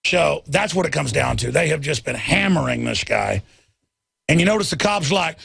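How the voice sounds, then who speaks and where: A man hosting a talk radio show, ranting about a clip and shouting in bursts. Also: a little high, animated, normal speed, gravelly, slightly rough, no room sound, clean studio sound.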